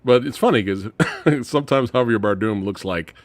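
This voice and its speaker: A man hosting a casual live movie review chat, animated, laughing often and swearing casually. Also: lowish voice, moderate pace, no echo. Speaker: show host.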